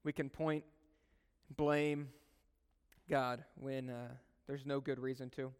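A male pastor preaching a sermon in a conversational storytelling manner, moving between soft, earnest talk and loud, animated bursts. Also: medium pitch, slow, clean tone. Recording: long hall reverb.

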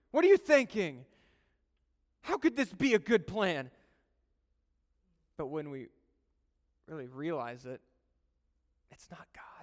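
A male pastor preaching a sermon in a conversational storytelling manner, moving between soft, earnest talk and loud, animated bursts. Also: fairly high pitch. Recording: long hall reverb.

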